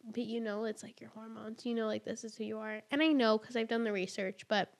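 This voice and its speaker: A woman's voice: fairly high pitch, steady tone, brisk. A woman in her twenties, a young mother, talking earnestly and chattily as a podcast guest, with many "like"s and "you know"s. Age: 20s. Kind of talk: casual podcast conversation.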